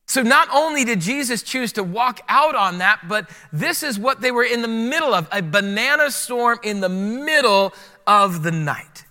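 A high-pitched man delivers an energetic, playful sermon full of casual slang. His voice is sharp and bright, and it rings out with a long reverb off the walls of a large hall. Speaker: pastor.

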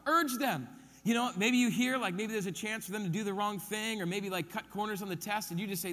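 Brief: male pastor, high voice, emphatic sermon delivery, long hall reverb. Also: brisk, fairly bright tone, slight background noise. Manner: emphatic, repeats key points, counts them off.

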